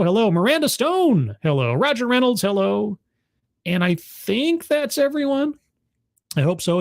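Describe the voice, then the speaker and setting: A man chats casually on his livestream, greeting viewers by name and rambling through plenty of fillers. His voice sits a bit high for a man and moves around a lot in pitch. The sound is dry and close to the mic. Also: dry recording. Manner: rambling, warm greetings to chat with many fillers. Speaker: livestream host.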